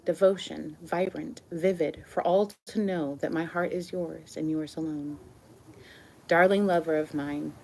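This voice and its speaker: A woman reading her own love poems aloud in a soft, earnest, slow and tender way. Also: lowish voice, a little hiss or hum.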